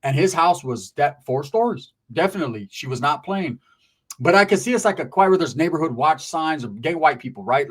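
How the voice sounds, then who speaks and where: A streetwise man, spinning a casual, profane story. His voice sits a little high for a man, and he rambles along, tagging "right?" onto his lines. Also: husky.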